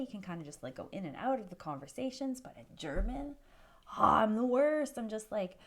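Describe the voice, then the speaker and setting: A young woman from Canada talks casually to her camera in a vlog, piling on fillers and poking fun at herself. Her voice sits a little low for a woman. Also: animated, quick pace. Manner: chatty, self-deprecating, lots of fillers. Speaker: vlogger.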